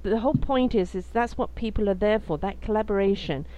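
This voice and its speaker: A woman's voice: medium pitch, a little fast, mellow, poor audio. A woman hosting a conversation, speaking in a flowing, affirming way. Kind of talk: podcast conversation.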